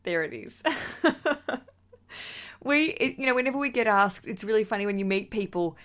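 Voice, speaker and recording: A woman's voice: mid-range voice, lively intonation, moderate pace, a bit bright. Bubbly Australian woman podcast host. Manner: bubbly, chatty, laughs often, swears casually. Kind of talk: casual solo podcast, reading listener messages.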